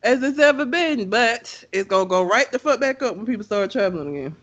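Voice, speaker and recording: Brief: American man, podcast co-host, high-pitched, easygoing and chatty. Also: animated, fairly quick, fairly bright tone, muffled recording. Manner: laid-back, agreeing, laughs often. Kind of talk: casual chat.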